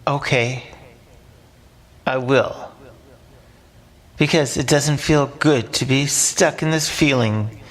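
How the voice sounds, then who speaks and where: A man's voice: medium pitch, takes it slowly, long pauses, fairly bright tone, voice pushed up. A man voicing a small, frightened young male fish in a storybook, talking in a pleading, whiny way.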